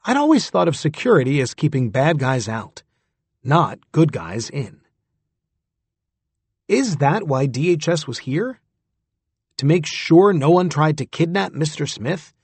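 A man with a husky voice narrating a story in the first person, in a close, dry recording. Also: on the high side, very animated, measured pace, long pauses, no echo. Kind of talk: scripted audiobook narration.

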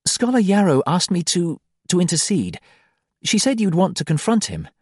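A man voicing a gentle, anxious woman in an audiobook, speaking softly and quietly. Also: high-pitched, huge pitch swings, normal speed, slightly rough, no echo, clean studio sound, pitched above the performer's own voice, full character voice. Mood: tender. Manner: soft, quiet. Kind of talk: audiobook character voice.

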